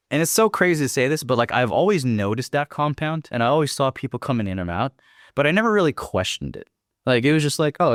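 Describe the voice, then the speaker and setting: Profane, animated young man telling stories. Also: fairly low pitch, no room sound, studio quality. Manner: profane, animated storytelling with quoted dialogue. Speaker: podcast guest. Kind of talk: casual storytelling.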